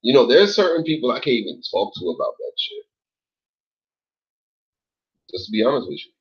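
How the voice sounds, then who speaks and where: A man hosting an online show rambles through loose, casual commentary in slang, swearing heavily, his pitch jumping suddenly when he gets worked up. He's very animated, speaks at normal speed with a breathy edge, and the recording sounds dull and lo-fi.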